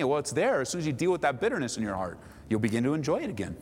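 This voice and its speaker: A man preaching a sermon as a pastor, building to high, emphatic pleas. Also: sing-song, very fast, darkish tone, husky. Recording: long hall reverb, faint background noise.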